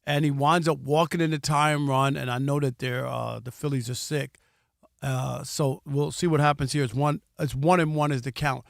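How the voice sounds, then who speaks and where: A man's voice: medium pitch, fairly even intonation, moderate pace, vocal fry, dry recording, studio quality. A man co-hosting a sports talk radio show, talking through a live game and taking calls. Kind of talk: casual sports chat.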